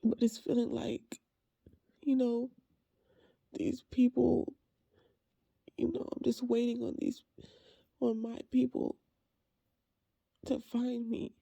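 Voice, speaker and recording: A woman pours out a personal, heartfelt monologue in a dark, mellow voice roughened with vocal fry. She speaks slowly and haltingly, letting phrases trail off softly. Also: fairly high pitch, completely flat delivery, no room sound. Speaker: faith ministry creator.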